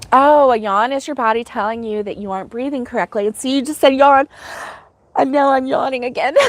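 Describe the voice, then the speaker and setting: A woman's voice: sits high, no room sound. Giggly chatty American woman. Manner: chatty and giggly, laughs often. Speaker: host of a crochet livestream. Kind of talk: casual livestream chat, reading viewer comments.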